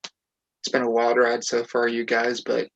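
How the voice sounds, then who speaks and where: A man hosting an online game show, thanking a departing player and announcing the remaining players in a brisk, announcing manner. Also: medium pitch, completely flat delivery, gravelly, fairly bright tone, dull audio, a little hiss or hum. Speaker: host.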